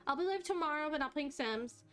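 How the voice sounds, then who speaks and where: A woman streaming a life-simulation game live, chatting with her viewers and reacting excitedly to the game. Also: high-pitched, a little fast, soft background music. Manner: chatty, excitable, talks to chat while playing.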